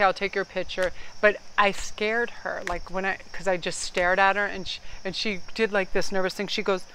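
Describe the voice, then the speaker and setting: A woman's voice: on the low side, a bit bright, a little hiss or hum, rough recording. A woman card reader talking casually to her viewers, chatty and rambling, gushing and swearing now and then. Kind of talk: casual vlog chat.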